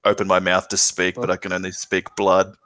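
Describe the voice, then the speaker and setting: A man's voice: low voice, completely flat delivery, a little fast, bright, forceful tone, no echo. A man playing a tabletop game, dramatically describing his character in first person. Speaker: player.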